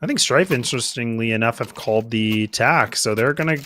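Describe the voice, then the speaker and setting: A man's voice: mid-range voice, bright, forceful tone. A man giving analytical color commentary on a competitive shooter match, with lots of fillers and restarts. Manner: quick, analytical, many fillers.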